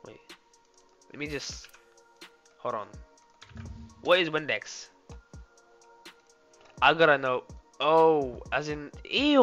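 A young man streaming live and reacting loudly, laughing and often saying "oh my days" and "bro". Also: on the high side, takes it slowly, long pauses. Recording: dull lo-fi sound with faint music. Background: faint background music.

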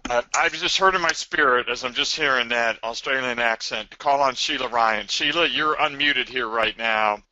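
A man's voice: medium pitch, normal speed, few pauses, bright, forceful tone, dry recording. A man hosting a live webinar, reading viewer comments aloud and affirming with frequent amens. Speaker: webinar host. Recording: dull, dry lo-fi web audio.

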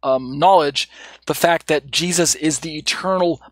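A man's voice: on the high side, unhurried, a bit bright, no room sound. A man teaching an evening Bible study, reading quoted passages aloud and then explaining them with rhetorical questions and frequent fillers.

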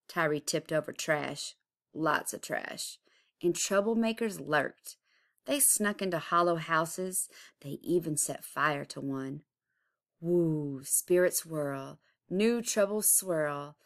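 Slow, low-voiced woman reading a storybook. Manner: expressive, with chanted rhyming refrains. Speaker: art teacher. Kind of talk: storybook read-aloud.

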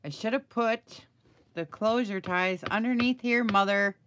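A woman's voice: on the high side, a little slow. A middle-aged woman chatting and thinking aloud while she works on a craft project, asking her viewers for advice as she goes. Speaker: craft video maker. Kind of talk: chatty live crafting video.

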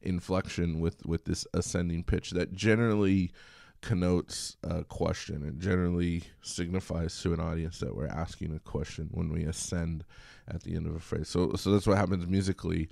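Low gravelly male music lecturer. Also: normal speed, no room sound, studio quality. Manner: relaxed and chatty, sings examples. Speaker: college music instructor. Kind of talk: recorded lecture.

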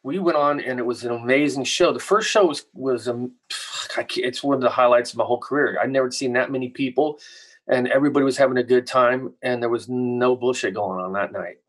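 A man, a musician guest on a podcast, telling stories in a laid-back, relaxed way. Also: medium pitch, a little fast. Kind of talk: casual chat.

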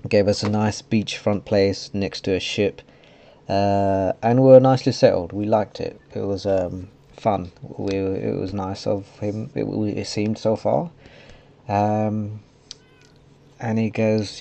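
A man's voice: fairly low pitch, steady tone, moderate pace, mellow. A YouTube gamer, a man, rambling casually as he retells a story to camera.

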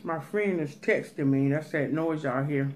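A woman's voice: deep voice, measured pace, darkish tone, slight background noise. Woman vlogger, casual and emphatic, talks straight to her viewers. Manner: emphatic, advice-giving, repeats "let me tell you". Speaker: cooking and mukbang vlogger. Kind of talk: casual chat.

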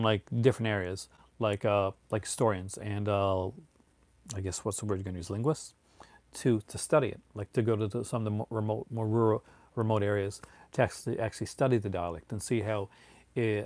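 A man with a Newfoundland accent chats casually with his viewers, drifting through tangents as he answers their questions. His voice sits on the low side. The recording is dry and close, with no room sound. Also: darkish tone, no echo. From Newfoundland, Canada. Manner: chatty and rambling, drifting between tangents. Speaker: streamer answering viewer chat. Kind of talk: casual live-stream chat.

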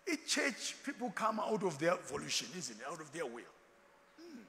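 With a voice on the high side, huge pitch swings, vocal fry, and a pushed, bright quality, a man preaches as a bishop at normal speed. He poses rhetorical questions in call-and-response style and tells humorous stories, laughing often; the recording has long hall reverb and faint background noise.

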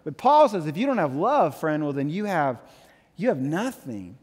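A man in his thirties preaching a sermon, animated, with playful asides and quotes he acts out. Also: fairly high pitch, normal speed, husky, big-room sound. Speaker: pastor.

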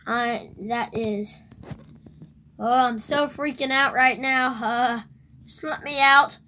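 A woman hosting a let's play video, rambling and excitable, shrieking whenever something surprises her in the game. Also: sits high, slow pace, a little hiss or hum. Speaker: gaming video host.

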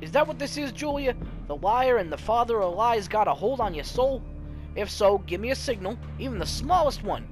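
A player voicing a smarmy male vampire preacher who sermonizes with unctuous calm. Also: mid-range voice, normal speed, music in the background, pitched above the performer's own voice, close to an everyday voice. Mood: preachy. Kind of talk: voicing game dialogue.

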